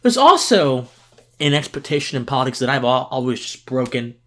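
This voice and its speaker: A man's voice: medium pitch, big pitch swings, brisk. A tired man hosting a political podcast, giving passionate commentary with emphatic restarts and repeated words.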